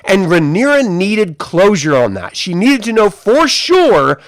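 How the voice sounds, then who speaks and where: A man giving a casual spoken review of a TV episode, animated and profane, rambling with lots of fillers. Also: high-pitched, unhurried, few pauses, dry recording.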